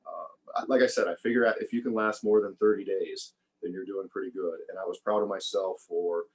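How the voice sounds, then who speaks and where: A man with a very low, deep voice talks as a podcast guest in easy, conversational interview style. He reflects as he goes and often restarts or repeats words while he gathers his thoughts. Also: steady tone, a little fast, a little mellow, low-quality recording. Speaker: podcast guest, former survival show contestant.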